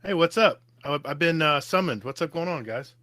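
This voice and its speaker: A man guesting on a casual gaming podcast, telling stories in an animated way and acting out what people said. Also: on the high side, fairly quick, no room sound, studio quality. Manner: animated storyteller, acts out quotes.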